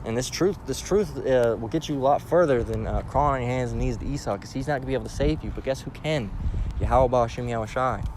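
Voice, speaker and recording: Male preacher-teacher, mid-pitched, punchy and profane, keeps asking "all right?", over clear street and traffic noise. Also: quick pace, darkish tone. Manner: emphatic, repeats "all right?", blunt and profane. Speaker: religious teacher. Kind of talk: informal scripture lesson.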